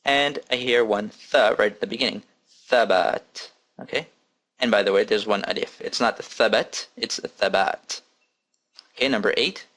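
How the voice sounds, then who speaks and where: A man teaching an Arabic lesson, repeating each word slowly and patiently and counting its letters aloud. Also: on the low side, fairly bright tone. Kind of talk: recorded language lesson.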